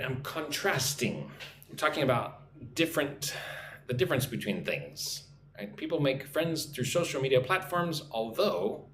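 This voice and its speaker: A male English teacher on a live stream, reading viewers' chat messages and modelling exam answers with pronunciation drills. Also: mid-range voice. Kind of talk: live-streamed speaking lesson. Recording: roomy echo, faint background noise.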